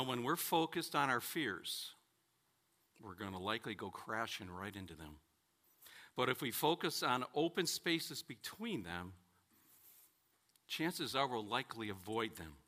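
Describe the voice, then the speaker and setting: A man preaching a sermon, telling stories and acting out their characters with dramatic pauses. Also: medium pitch, sharp tone.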